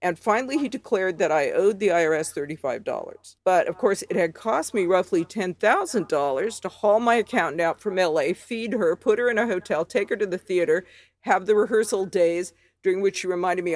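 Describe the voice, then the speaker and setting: A woman's voice: on the low side, brisk. Wry woman telling a comic story. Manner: animated, wry, self-mocking. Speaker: guest storyteller.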